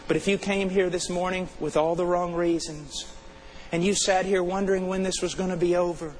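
A male preacher delivering a fervent sermon, swinging between urgent and hushed. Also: sits high, steady tone, fairly quick, slight background noise, rough recording.

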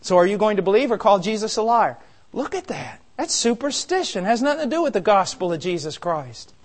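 A man preaching a sermon, impassioned and emphatic, swinging between quiet, intense passages and loud, forceful ones. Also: high-pitched, very animated, a little fast.

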